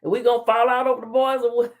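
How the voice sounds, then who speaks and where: A woman's voice: on the high side, flat delivery, quick pace. A woman hosting a casual live-stream talk show, reading comments aloud and trash-talking with a playful laugh. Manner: playful trash-talking, laughing, Southern slang like "child" and "honey".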